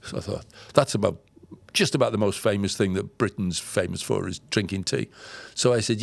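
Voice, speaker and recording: A man telling a personal travel story on a podcast in an earnest, reflective way, halting often with fillers and repeated words. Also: fairly low pitch, vocal fry, dry recording. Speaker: podcast guest recounting travels. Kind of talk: conversational storytelling.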